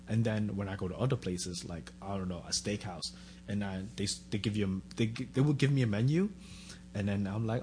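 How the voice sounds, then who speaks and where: A man's voice: lowish voice, fast, noisy background. A man chatting casually, telling an anecdote and acting out the voices of people in it. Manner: animated, acts out quoted exchanges. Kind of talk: casual chat, storytelling.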